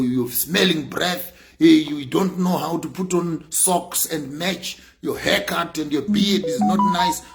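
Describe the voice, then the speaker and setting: A man delivers an impassioned speech in a slightly raised, gravelly voice. He repeats his points for emphasis and climbs to forceful bursts. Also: on the high side. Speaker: speaker on sanctions.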